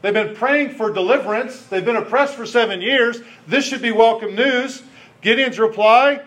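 A man's voice: extremely high pitch, normal speed, fairly bright tone. A man preaching a sermon as pastor, retelling Bible verses in a conversational, jokey way.

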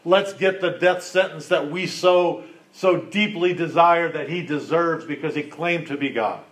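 A man delivers a sermon. He retells the scripture like a storyteller, putting questions straight to his listeners. His delivery is animated and conversational. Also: a little high, a little slow. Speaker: pastor.

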